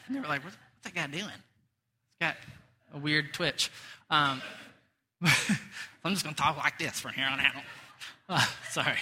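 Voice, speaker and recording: A man's voice: sits high, sharp tone. A man preaching a casual, chatty sermon with self-deprecating asides, in a church. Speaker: pastor. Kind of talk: conversational sermon. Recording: long reverb of a large hall.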